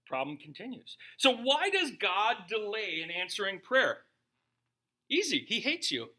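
Bright, lively-voiced preaching man. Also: very high voice, moderate pace. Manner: humorous, animated preaching with rhetorical questions. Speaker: pastor. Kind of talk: sermon.

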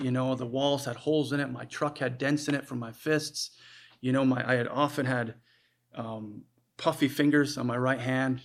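A man preaching a sermon in an earnest, conversational way, often restarting his sentences. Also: medium pitch.

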